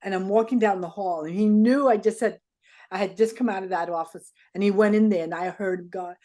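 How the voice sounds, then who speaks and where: An older woman, an interview guest, telling stories in an animated way and acting out the people she quotes. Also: medium pitch, brisk. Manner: animated, acts out quoted dialogue. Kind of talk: anecdotal storytelling.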